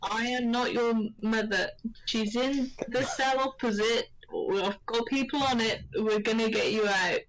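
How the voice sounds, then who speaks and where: A woman playing a tabletop game, talking slowly and playfully. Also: on the high side, steady tone, noisy background. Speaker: player.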